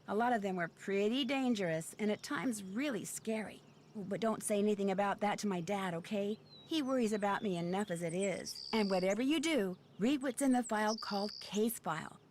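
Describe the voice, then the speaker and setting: An upbeat young girl detective, voiced by a woman, chats warmly to the player. Her tone is confiding and friendly, pitched in an ordinary middle range. A faint hiss of game audio sits beneath her. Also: expressive, moderate pace, close to an everyday voice. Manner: cheerful, chatty, confiding. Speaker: game character narrator. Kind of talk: 2000s game voice acting.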